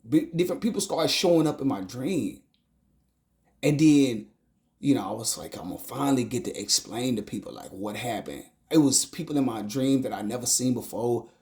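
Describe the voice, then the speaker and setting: An expressive, mid-range male voice delivers an emotional testimony about a dream. The telling is halting, with repeated phrases and stumbled words, sometimes dropping to a hushed whisper.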